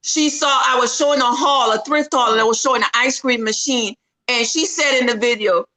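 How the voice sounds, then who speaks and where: A woman with a Jamaican accent chatting on a video call, playful and teasing, often loud and animated. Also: on the high side, a little fast, poor audio. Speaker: party guest. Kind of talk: casual chat.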